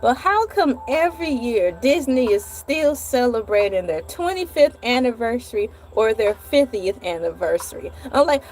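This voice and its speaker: A woman's voice: a little high, moderate pace, few pauses, soft background music. Playful woman hosting a comedy vlog. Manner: animated, playful, dramatic asides. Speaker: vlog host. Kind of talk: comedic storytelling monologue.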